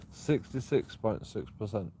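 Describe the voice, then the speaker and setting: Swearing, taunting man on a dark path. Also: fairly low pitch, expressive, takes it slowly, heavy background noise. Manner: angry, profane, taunting. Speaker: street auditor filming himself. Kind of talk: confrontational vlog rant. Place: outdoors on a dark path at night.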